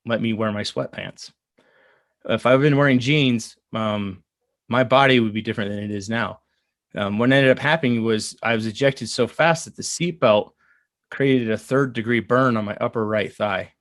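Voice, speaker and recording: An earnest man in his thirties recounts a personal story, pausing and restarting often. His voice sits mid-range, and the recording is dry with no room sound. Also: mid-range voice, fairly bright tone, dry recording. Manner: earnest, halting with fillers and restarts. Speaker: guest. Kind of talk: casual storytelling.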